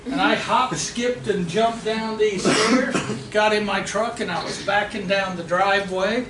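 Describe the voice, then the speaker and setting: Middle-aged male trainer, animated storyteller; roomy room, distant mic, noisy background. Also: high-pitched, a little slow. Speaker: real estate investing trainer. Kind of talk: storytelling seminar talk. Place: meeting room of an investors' association.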